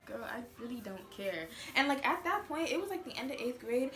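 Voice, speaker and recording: Brief: young adult woman, high pitch, sassy animated storyteller, echoey noisy room. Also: fairly quick. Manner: animated, sassy, lots of fillers. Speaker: vlogger. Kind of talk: casual storytime.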